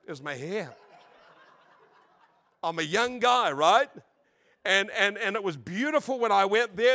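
A man preaching a storytelling sermon to a congregation, animated and humorous, acting out voices and laughing along. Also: a little high. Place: church service before a congregation.

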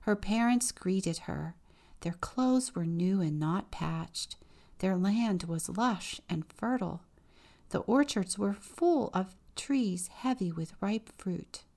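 A woman deacon reading a children's picture book aloud in a measured, expressive way. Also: mid-range voice.

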